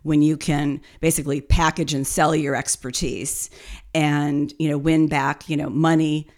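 A woman's voice: deep voice, little pitch movement, a little slow, a little mellow. A woman co-hosting a business podcast, telling her story in a chatty, easygoing way. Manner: chatty storytelling with fillers and light laughs. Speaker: podcast co-host. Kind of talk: casual podcast conversation.

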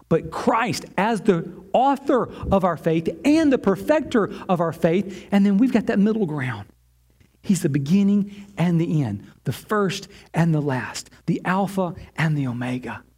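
A middle-aged man preaching a sermon, earnest, sinking low and quiet on key lines and rising when he voices prayers. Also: expressive, a little slow. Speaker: pastor.

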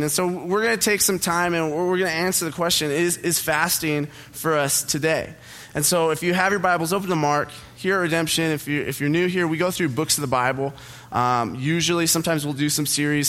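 With a fairly high pitch and a sharp tone, a young man preaches casually in a church auditorium. The pastor tells a personal story, stays chatty and self-deprecating, and laughs at his own jokes.

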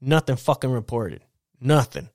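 A man preparing for bed at home tells his podcast audience a work anecdote, loose and rambling with lots of profanity and lively retelling. The medium-pitched voice moves at a moderate pace, with dry, clean studio sound.

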